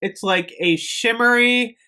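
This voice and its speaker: A woman's voice: fairly high pitch, slow pace, bright, forceful tone. A woman in her fifties, a beauty vlogger chatting casually and gushing through a product unboxing at home. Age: 50s. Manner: chatty and gushing, many ums.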